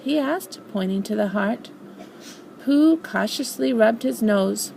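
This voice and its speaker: Older woman, grandmother, storybook read-aloud, expressive, gravelly voice. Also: mid-range voice, slow pace, slight background noise, rough recording.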